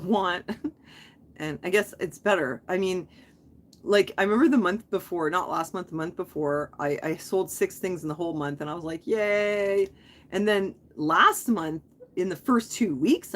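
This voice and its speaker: A woman's voice: deep voice, slight background noise. A woman who hosts a live stream, chatting in a rambling way full of asides as she reads comments from her viewers. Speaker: online reseller and channel host.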